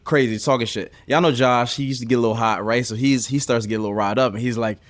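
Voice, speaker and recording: A man co-hosting a podcast, telling a story with lots of profanity in a lively way. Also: medium pitch, very fast, no echo. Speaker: podcast co-host, ex-player. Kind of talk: casual chat.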